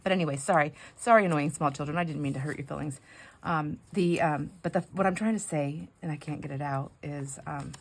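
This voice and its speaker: A woman's voice: sits low, fairly quick, vocal fry. A middle-aged woman hosting a craft video at home, chatting in a rambling way while she works, laughing often and sometimes dropping to a whisper. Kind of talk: casual chat while crafting.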